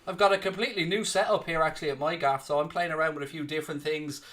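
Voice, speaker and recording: Young guy hosting a live football stream from home, high bright voice, chatty and upbeat. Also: fairly even intonation, very fast. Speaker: host of a football watchalong stream. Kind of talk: casual live-stream chat, reading out viewer comments.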